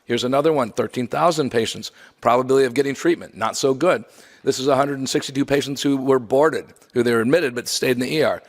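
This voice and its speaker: A man's voice: medium pitch, quick pace. A man giving a memorial lecture from slides, conversational with wry asides. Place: lecture hall. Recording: long hall reverb.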